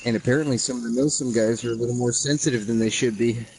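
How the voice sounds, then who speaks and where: A man's voice: medium pitch, fairly even intonation, fast talker, creaky, darkish tone, a little hiss or hum, low-quality recording. A man streaming a game, telling a heated story in casual chat full of swearing.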